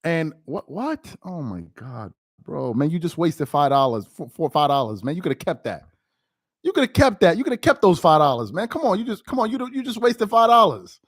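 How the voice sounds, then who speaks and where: A man's voice: fairly high pitch, very animated, brisk, a bit bright, dry recording, clean studio sound. A man doing casual live-stream sports commentary, laughing often and trash-talking.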